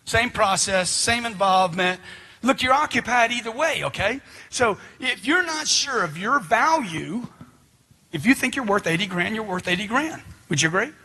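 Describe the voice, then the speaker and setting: A middle-aged man giving a forceful, preachy motivational seminar talk, firing questions at the crowd. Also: high voice, animated, normal speed, husky. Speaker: motivational speaker.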